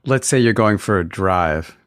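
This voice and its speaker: A man hosts a podcast interview, asking measured, probing questions. His voice is very deep, and it is recorded dry and close. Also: expressive, fairly bright tone, clear, resonant tone, no echo. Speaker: podcast host.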